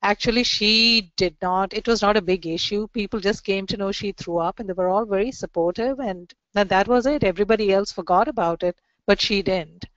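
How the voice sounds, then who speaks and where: A woman's voice: medium pitch, fairly quick, few pauses, fairly bright tone, no echo. Chatty female therapist on a dry call. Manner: chatty, often checks in with "right?" and "you know". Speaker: therapist co-presenting a webinar. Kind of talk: conversational webinar discussion. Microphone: video call mic. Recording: dry, dull lo-fi call audio.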